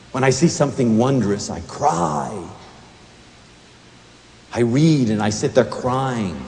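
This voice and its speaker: A man giving an emotional, expressive inspirational lecture as a university lecturer, swinging between hushed and emphatic delivery. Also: mid-range voice, creaky, a little hiss or hum. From United States. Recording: echoey lecture hall recording.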